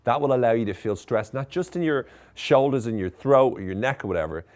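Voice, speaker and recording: A man's voice: mid-range voice, expressive, brisk, darkish tone. A man giving mock-serious, tongue-in-cheek self-help advice in a conversational, ironic way.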